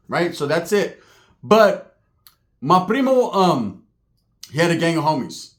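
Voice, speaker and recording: A man's voice: a little high, sing-song, slow, pauses often. A man telling a street story in a casual, profane way, laughing and acting out the people in it. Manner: streetwise, profane, laughing, acts out other voices.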